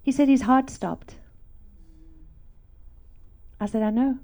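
A middle-aged woman from South Africa preaching a testimony sermon, animated and laughing, swinging from loud to hushed. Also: high voice, takes it slowly.

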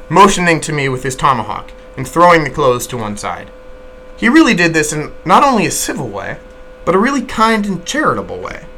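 Male reader of a classic novel, bright forceful tone, expressive live reading. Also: a little high, slight background noise. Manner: lively expressive reading, occasional slips.

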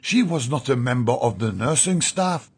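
A man narrating an audiobook in a measured, solemn storytelling manner. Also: mid-range voice, expressive, breathy edge.

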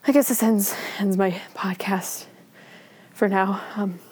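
A woman's voice: medium pitch, slow pace, darkish tone, husky. A woman hosting a comedic podcast, delivering an over-the-top melodramatic monologue. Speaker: podcast host. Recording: music playing under the voice.

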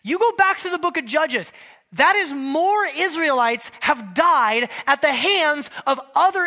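A woman pastor giving an animated, conversational sermon at a church service held in a theater. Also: on the high side. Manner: animated, acts out quoted voices, conversational.

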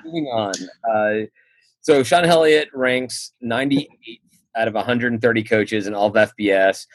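A man's voice: mid-range voice, moderate pace, no echo. A man hosting a casual podcast chat, steering topics and laughing often. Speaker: podcast host.

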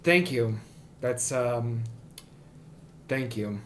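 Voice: medium pitch, extremely slow, slight background noise, voice pushed down. A game master doing a dry, aloof cat-folk woman. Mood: deadpan. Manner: dry, curt, deadpan.

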